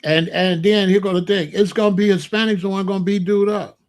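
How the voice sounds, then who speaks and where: A man's voice: high-pitched, fairly even intonation, a little fast. A man delivering heated, confrontational stream commentary in blunt street slang.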